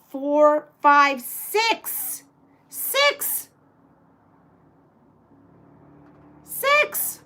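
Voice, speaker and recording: High bright-voiced woman hosting a livestream. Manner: counts aloud, quick to laugh and exclaim, slips into Spanish. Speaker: livestream host. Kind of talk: casual livestream chat.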